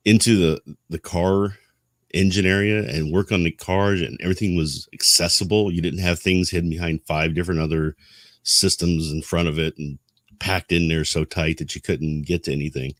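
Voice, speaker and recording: A middle-aged man with an extremely deep, low voice, chatting loosely on a podcast. He rambles and reminisces, poking fun at himself. The sound is close and dry, with no room around it. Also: no room sound. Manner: rambling, reminiscing, self-deprecating. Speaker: podcast co-host. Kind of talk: casual podcast discussion.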